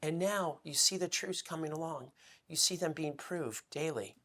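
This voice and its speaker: A man speaking as a guest on a political talk show, emotional and rambling, swinging between loud outbursts and hushed asides. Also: a little high, moderate pace. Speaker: guest commentator. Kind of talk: impassioned political commentary.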